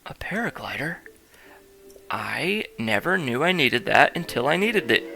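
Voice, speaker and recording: A man's voice: mid-range voice, very animated, moderate pace, vocal fry, sharp tone, faint music behind. A man hosting a let's-play, commentating on gameplay in a playful, jokey way and talking straight to viewers. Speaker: gaming host.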